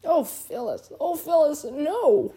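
A woman voicing a bewildered middle-aged father who speaks in a squeaky, despairing voice. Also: very animated, brisk, mellow, natural voice.

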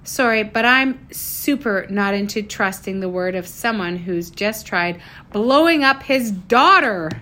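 A woman voicing a bright, determined young girl inventor in a storybook reading, in a raised, lively girlish tone. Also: medium pitch, measured pace. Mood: accusing.

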